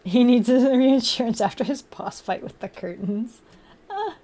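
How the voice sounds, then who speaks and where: A woman's voice: fairly high pitch, animated, a little slow, dark tone. A young woman hosting a casual livestream, chatting and laughing, cooing at her cats between remarks to viewers. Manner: giggly, chatty, baby-talks to her cats. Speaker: livestream host.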